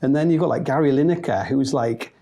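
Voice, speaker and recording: A Northern English man telling a rambling, funny anecdote with plenty of swearing and quick impressions of the people in it. His voice is mellow and relaxed in tone and sits at an ordinary middle pitch for a man. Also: vocal fry. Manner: animated, swearing, mimics voices in quotes. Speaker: storyteller. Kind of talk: comic anecdote monologue.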